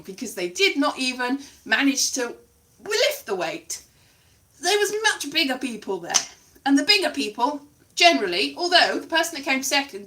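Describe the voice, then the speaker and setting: A young woman talks in a loose, wandering monologue, veering off into asides and laughing at herself. Her voice sits high and swoops widely, with a bright, crisp edge. She sounds like she is chatting casually from home. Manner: chatty, digressive, self-mocking, many restarts and asides. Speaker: solo show performer.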